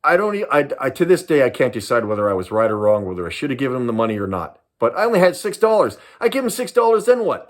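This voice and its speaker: An older man from Southern California tells a story straight to camera in a loose, casual way. His pitch swings widely and his delivery is animated. He circles back over his own words and keeps tossing in "man". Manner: animated, repeats himself, drops in "man". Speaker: retired police sergeant telling stories.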